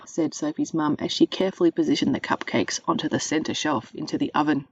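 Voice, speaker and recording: A woman narrating a children's storybook in a clear, measured reading voice. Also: sits low, a little mellow, no echo. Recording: dry, dull podcast recording.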